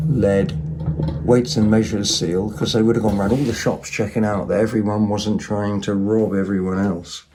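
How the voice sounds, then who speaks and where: A man's voice: fairly low pitch, noisy background. A man giving a rambling, casual show-and-tell of second-hand finds at home, with lots of ums and asides. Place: home, at a table.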